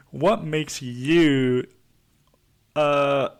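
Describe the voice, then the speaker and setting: A man doing an impression of a blunt older TV advice host, asking slow, drawn-out scolding questions. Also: a little high, smooth, voice pushed up.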